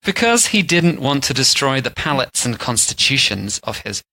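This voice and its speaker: A man's voice: medium pitch, sing-song, moderate pace, over loud music. A man co-hosting a podcast, telling drink history stories in casual chat with playful jokes. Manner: playful storytelling, mock-posh impressions. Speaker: podcast co-host.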